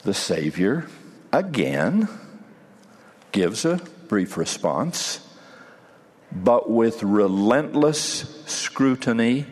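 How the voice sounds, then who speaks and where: A man giving a sermon in a measured way, with dramatic pauses, in a hall with a long echo. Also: medium pitch, very animated, a little mellow, husky. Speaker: preacher.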